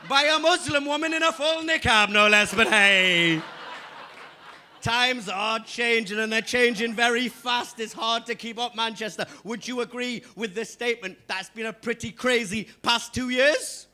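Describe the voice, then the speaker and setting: A man's voice: extremely high pitch, moderate pace, few pauses, bright, forceful tone, a little hiss or hum. A young Englishman with a Geordie accent doing a live stand-up set. He chats straight to the audience and punches up his lines. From England. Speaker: stand-up comedian.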